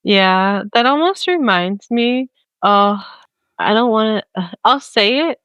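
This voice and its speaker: A woman's voice: a little high, expressive, slow, a bit bright, clean tone, no room sound, dull audio. A young woman co-hosting a podcast in a casual chat, chatty with lots of fillers. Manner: chatty, many fillers, acts out quoted voices. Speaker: podcast co-host.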